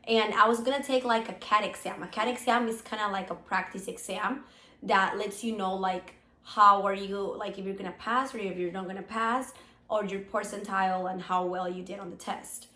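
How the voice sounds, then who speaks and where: A woman co-hosting a podcast in casual chat, still sick with a hoarse voice, rambling with many fillers. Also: mid-range voice, steady tone, moderate pace, sharp tone, reverberant. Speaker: podcast co-host.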